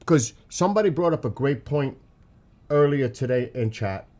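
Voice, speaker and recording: A man's voice: medium pitch, normal speed. New york guy with the accent, live streaming and talking over flight maps, keeps asking questions, kinda rambly and worked up. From New York City. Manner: excitable, rambling, thinks aloud with questions. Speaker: livestream host tracking flights. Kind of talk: casual live commentary reading chat.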